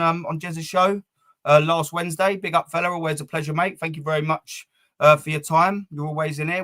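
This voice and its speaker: A man's voice: fairly high pitch, a bit bright. A young man hosting a live football fan stream, reading chat comments and talking bluntly with plenty of swearing, fillers and repeated words.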